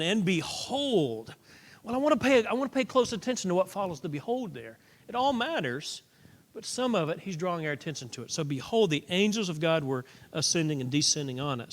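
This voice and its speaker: High-voiced preacher in a reverberant hall. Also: male voice. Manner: conversational teaching with frequent restarts. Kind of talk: Bible class lesson. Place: church auditorium.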